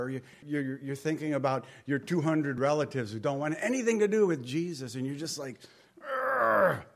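A man preaching a Bible study sermon in a conversational way, rising and falling in volume and sometimes dropping almost to a whisper. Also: mid-range voice. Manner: conversational, varies volume, drops to near whisper. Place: room with a group.

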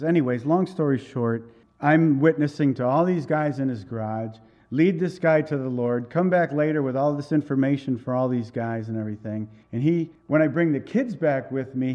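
A male pastor preaches in a relaxed, conversational voice, slipping into quoted dialogue as he tells a story. His pitch sits in an ordinary middle range. The recording sounds a little dull and lo-fi. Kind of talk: sermon with personal story.

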